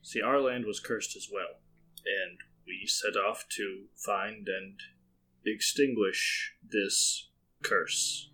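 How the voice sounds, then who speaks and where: A man's voice: lowish voice, fairly even intonation, slow, sharp tone, slight background noise. A man playing a tabletop game, asking polite, inquisitive questions. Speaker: player.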